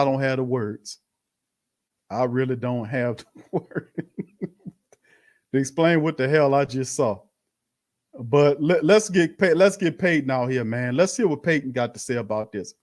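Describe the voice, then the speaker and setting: Fired-up man ranting. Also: on the high side. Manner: heated, swearing, stammering restarts. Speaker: sports show host. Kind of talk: live-stream watch party rant.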